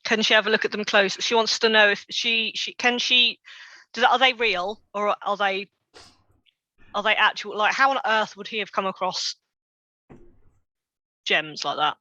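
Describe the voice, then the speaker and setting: A woman playing a tabletop game, asking questions in character in a playful, quick-laughing way. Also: medium pitch, bright, forceful tone, dry recording, lo-fi sound. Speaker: player.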